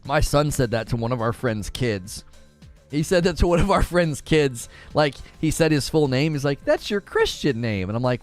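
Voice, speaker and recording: A man's voice: mid-range voice, sing-song, moderate pace, soft background music. A man hosting a casual live stream, chatting and joking with viewers, laughing often and slipping into playful voices. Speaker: streaming show host.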